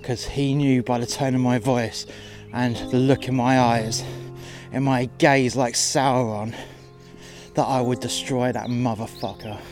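A man's voice: mid-range voice, steady tone, measured pace. Angry man ranting, guitar behind. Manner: furious, profane, ranting. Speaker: podcast narrator, door staff. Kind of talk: angry monologue rant. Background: guitar music.

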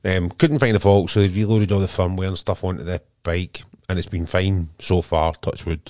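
A man's voice: low voice, fairly even intonation, moderate pace, darkish tone, no echo, clean studio sound. A man with a Scottish accent co-hosting a podcast in an easygoing casual chat, full of "um". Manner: easygoing, peppered with "um". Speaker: podcast co-host.

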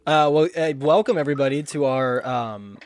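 A man's voice: medium pitch, moderate pace, dry recording. A young man co-hosting a podcast, joking wryly and summarizing a film in casual chat. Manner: wry, joking. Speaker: podcast co-host.

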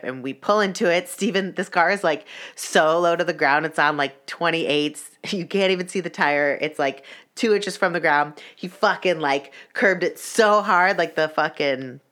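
Young woman, low voice, vlogger storytelling with lots of swearing and filler words. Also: a bit bright. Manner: profane, heated, many "like" fillers. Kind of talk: casual storytelling.

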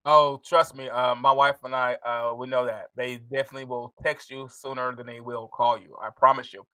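A man hosting a live interview show, animated and quick to laugh, talking to his audience. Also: medium pitch, no room sound, poor audio. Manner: animated, excitable, laughs often. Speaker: host.

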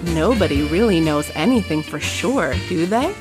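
Woman reading as a scheming teen girl, sly mock-innocent gossip, lowish voice, music under it. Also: animated, moderate pace, natural voice. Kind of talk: book reading.

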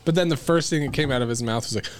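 A man's voice: mid-range voice, rapid-fire, a little hiss or hum. Joking, rambling podcast host, a man. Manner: joking, rambling, swears freely. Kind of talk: casual chat.

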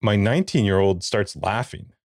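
A man's voice: on the low side, moderate pace, no room sound, studio quality. A man in his forties, a podcast co-host, telling a funny family story in casual chat and acting out the quotes. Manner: animated storyteller, acts out quotes.

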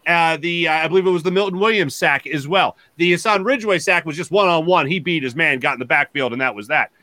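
A man with a high, sharp voice talks fast as he breaks down plays. The sound is dry and close. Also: no echo. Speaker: sports analyst. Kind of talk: game breakdown.

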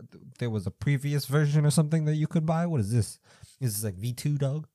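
A man's voice: a little high, a little fast, dark tone, dry recording. A young man hosting a podcast, reading out odd news stories and reacting with rambling, incredulous asides full of fillers. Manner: rambling, incredulous, thinks aloud with many fillers. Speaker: podcast host. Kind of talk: casual commentary reading news stories aloud.

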